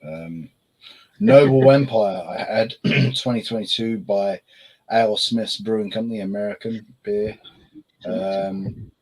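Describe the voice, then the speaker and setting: A man's voice: lowish voice, slow, darkish tone, husky, low-quality recording. A man co-hosting a casual beer review chat, rambling with lots of fillers and restarts.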